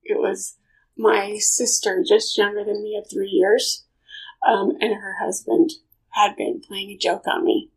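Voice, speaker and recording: A woman's voice: fairly even intonation, measured pace. A middle-aged woman telling a personal story in an emotional, storytelling manner. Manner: emotional storytelling, swings into loud high outbursts. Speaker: speaker sharing a personal story. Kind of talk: personal testimony talk.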